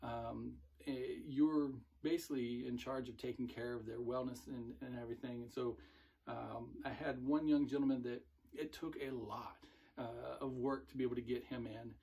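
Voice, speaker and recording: Husky-voiced man telling stories. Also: mid-range voice, moderate pace. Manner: relaxed, rambling, with frequent fillers and self-corrections. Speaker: former military recruiter, show host. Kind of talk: casual storytelling monologue.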